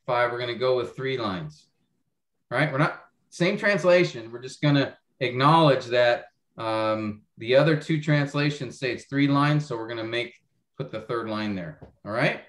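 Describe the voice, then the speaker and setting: A man's voice: medium pitch, measured pace, echoey room. A man teaching a Bible class over a video call, explaining step by step and often checking that students follow. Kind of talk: online class lecture.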